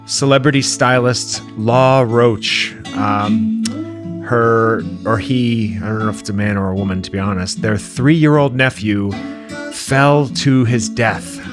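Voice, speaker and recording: A young man cohosting a comedy podcast, delivering dark jokes in a deadpan, casual way. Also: medium pitch, slow, over music. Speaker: podcast co-host.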